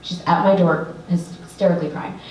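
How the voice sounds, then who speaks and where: A woman writing coach telling an earnest, animated story to an audience, with lots of fillers. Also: fairly low pitch, normal speed, slight background noise. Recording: echoey room, voice from a distance.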